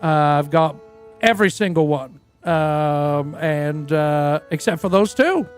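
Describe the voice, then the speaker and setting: A man's voice: fairly high pitch, expressive, slow pace, faint music behind. A man playing a crude, boastful rock singer in a roleplay game, telling a rambling story full of fillers. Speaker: roleplay character. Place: game stream from a dry studio.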